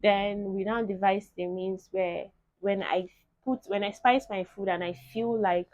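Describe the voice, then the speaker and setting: Young woman vlogger, animated storyteller, mellow tone, dry lo-fi recording. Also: mid-range voice, a little slow, no echo. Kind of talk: casual chat to camera.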